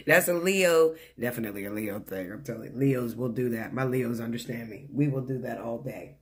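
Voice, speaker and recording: A man reads tarot cards in a loose, chatty way. He talks bluntly, swears freely and laughs often. He speaks at an everyday middle pitch from his living room at home. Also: normal speed. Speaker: tarot reader. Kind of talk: casual weekly tarot reading.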